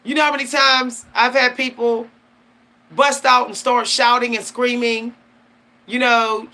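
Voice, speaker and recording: A woman's voice: a little high, little pitch movement, measured pace, pushed and bright. A woman hosting her channel, talking casually and emphatically about spiritual matters, slangy and laughing often. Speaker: channel host. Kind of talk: casual spiritual talk to camera.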